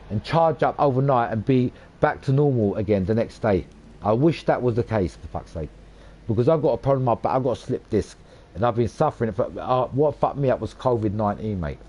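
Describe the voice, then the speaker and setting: A man's voice: medium pitch, warm tone. Swearing man ranting over gameplay. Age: 40s. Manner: swears a lot, rants emphatically with repeated phrases. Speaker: gaming channel host. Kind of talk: casual rambling commentary over gameplay.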